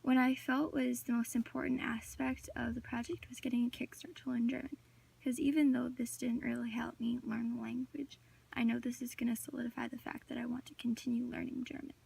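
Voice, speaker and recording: A teen girl presenting a class project reads her prepared talk a little fast, with occasional filler words. Her fairly high voice barely moves in pitch and is gravelly and darkish with a breathy edge, and she's heard distant from the mic.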